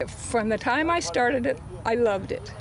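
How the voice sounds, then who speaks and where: A woman's voice: fairly high pitch, lively intonation, unhurried. A woman in her nineties, chatty and chuckling, interviewed outdoors on a golf course. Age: 90s. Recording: noisy outdoor field recording.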